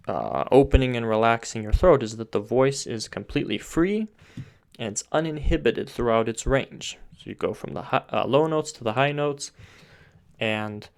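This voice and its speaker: A man's voice: medium pitch, vocal fry. A man giving an online voice lesson, explaining patiently step by step with occasional filler words. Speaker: voice teacher.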